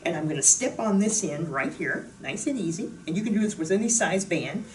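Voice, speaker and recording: A woman's voice: lowish voice, lively intonation, fairly quick, far from the mic. A woman fitness instructor talking casually through an exercise demonstration, bubbly and jokey. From Pacific Northwest of the US. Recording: roomy echo, voice from off the mic, faint noise.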